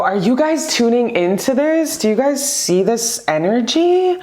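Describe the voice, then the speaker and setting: A woman doing a casual pick-a-card tarot reading, excitable and gushing, rambling into asides and swearing freely. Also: on the high side, moderate pace, few pauses, echoey room, slight background noise.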